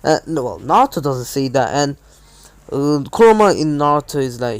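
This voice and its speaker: A man's voice: medium pitch, animated, normal speed, no echo. A man improvising a fan fiction story as narrator, rambling with many fillers and restarts. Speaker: channel host, storyteller.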